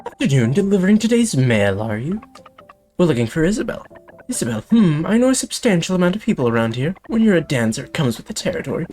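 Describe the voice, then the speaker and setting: A gracious, airy dancer who knows everyone in town, as a man voices her. Her lines float high and bouncy, a sing-song lilt over faint game music. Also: big pitch swings, fast, a little mellow. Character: elegant grown woman dancer.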